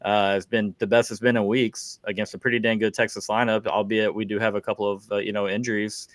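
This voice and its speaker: Relaxed man hosting sports talk, dry sound. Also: fairly low pitch, fairly quick, no room sound. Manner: relaxed, conversational, speaks to viewers. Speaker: host.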